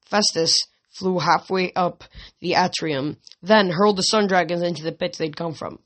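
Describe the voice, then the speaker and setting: Narrator, amateur audiobook reading, stumbles and restarts, mid pitch. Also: normal speed, a bit bright. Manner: reads with slips and restarts.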